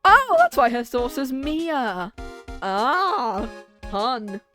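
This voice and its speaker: A British woman in her twenties chats casually through a game stream, joking and voicing the dialogue. Her voice sits a little high, with faint music under it. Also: big pitch swings, very slow, bright, forceful tone. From Britain. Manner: chatty, joking, reads game lines in voices. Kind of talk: casual gameplay chat, reading dialogue aloud.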